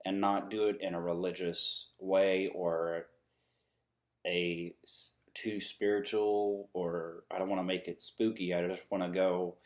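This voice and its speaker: A man's voice: low-pitched, level tone, measured pace. A man vlogging a casual, earnest rant to camera, rambling with many ums and restarts, frustrated but upbeat.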